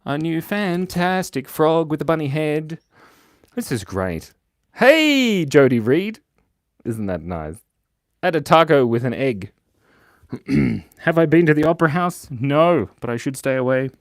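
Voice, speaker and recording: A playful man runs a live drawing lesson for kids, reading chat aloud and cracking jokes as he sketches. His voice swings lively up and down. The sound is dry and close. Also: on the high side, measured pace, no room sound. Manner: playful, jokey, animated, reads chat aloud. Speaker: drawing show host.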